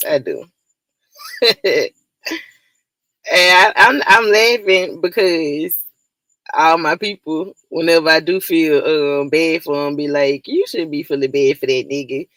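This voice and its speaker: A woman with a gravelly, fry-tinged voice chats loosely on her livestream, calling out viewers by name. She laughs often and swears freely. The sound is close and dry, with no room echo. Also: fairly low pitch, fairly bright tone. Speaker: livestream host. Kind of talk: casual livestream chat.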